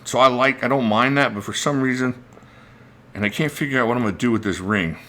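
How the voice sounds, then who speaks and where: With a mid-range, fairly bright voice and a fairly quick delivery, a man hosts a relaxed knife channel livestream. He thinks aloud and rambles, breaking off mid-talk to read out and greet viewers by name.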